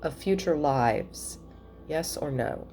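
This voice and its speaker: Low, slow-talking woman doing a reading. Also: lively intonation, soft background music. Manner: chatty, thinking aloud with soft asides. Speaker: tarot reader. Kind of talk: casual spiritual reading to camera. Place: at home.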